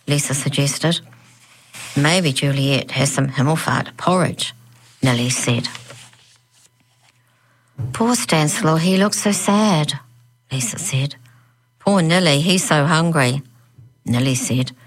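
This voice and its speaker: A woman reads a children's story aloud at an unhurried pace. Her voice sits low for a woman, and her delivery stays gentle and quiet as she moves between narration and the characters. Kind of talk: audiobook narration.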